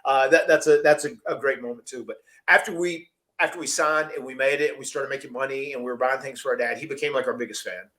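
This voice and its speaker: A man's voice: medium pitch, steady tone, quick pace, fairly bright tone. A man hosting a podcast, telling a long story casually, rambling and laughing often. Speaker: podcast host.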